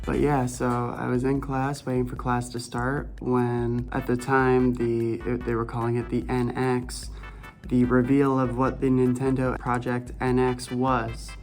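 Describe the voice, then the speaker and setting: A man's voice: mid-range voice, monotone, measured pace, darkish tone, faint music behind. Laid-back young man vlogging nostalgically. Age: 20s. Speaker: gaming vlogger host. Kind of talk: casual walking vlog narration.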